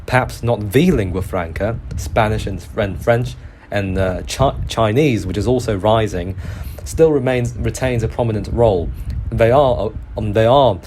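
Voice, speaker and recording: Low-voiced man with a British accent. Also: moderate pace, a little mellow, a little hiss or hum. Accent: British English. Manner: earnest explaining, with frequent hesitations and restarts. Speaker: history podcast host. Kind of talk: solo podcast monologue.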